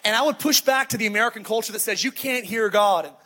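A man's voice: high-pitched, fast, bright, forceful tone. A middle-aged man preaching a sermon to a congregation, telling stories casually and acting out the voices of the people in them. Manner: conversational storytelling, acts out quoted voices. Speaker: pastor. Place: church sanctuary before a congregation. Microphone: handheld microphone.

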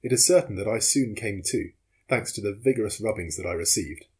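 A man reading a classic adventure novel aloud in measured, dramatic first-person narration. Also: fairly low pitch, darkish tone, husky.

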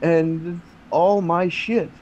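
A man's voice: fairly high pitch, fairly even intonation, slow, darkish tone, muffled recording. A man in casual chat about a game, chiming in with laid-back asides. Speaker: fellow player.

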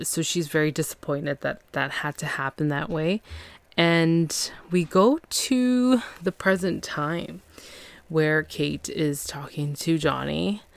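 A woman's voice: low voice, no echo. A woman hosting a casual TV recap podcast, chatty and full of fillers, paraphrasing the characters as she goes. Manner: chatty, filler-heavy, quotes characters loosely. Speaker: podcast host.

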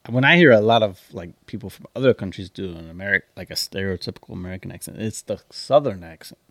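A man's voice: low-pitched, expressive, fast talker, a bit bright, dry recording, clean studio sound. A man co-hosting a podcast, telling rambling stories in casual chat and laughing at his own jokes. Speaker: podcast co-host.

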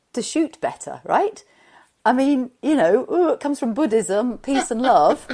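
Talkative woman with a mellow, low voice. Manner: chatty and expressive, tells anecdotes. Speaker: mindfulness teacher, guest. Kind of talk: conversational interview answers.

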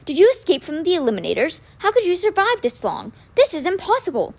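A woman's voice: very high-pitched, wildly swooping pitch, quick pace, darkish tone, pitched above the performer's own voice, heavily acted. A woman reading a storybook aloud, voicing a suspicious, rule-bound teenage boy who speaks coldly and curtly. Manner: cold, curt.

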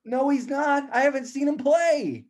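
A young man hosting a casual sports talk show, chatty and quick to laugh, steering the talk with questions. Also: very high voice, a little mellow. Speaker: podcast host.

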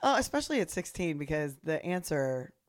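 A woman in her thirties joins a casual podcast chat, laughing often and teasing her co-host. Her pitch swings up and down a lot as she talks. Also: sing-song, a little fast. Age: 30s.

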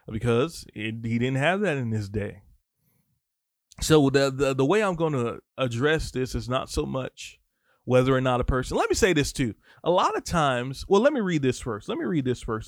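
A man's voice: medium pitch, no room sound, studio quality. A man preaching in a casual teaching style, reading scripture and breaking off into conversational, slangy asides.

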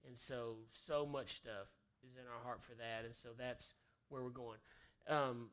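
Bright-voiced man pastor, playful. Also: medium pitch, steady tone, a little slow. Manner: playful interjections. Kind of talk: sermon, casual chat.

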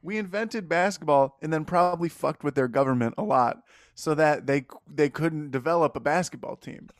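Deadpan young man on a dry mic. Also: fairly high pitch, normal speed, no room sound. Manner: deadpan, mock-serious, laughs at own jokes. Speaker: podcast co-host. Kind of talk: casual comedy podcast banter.

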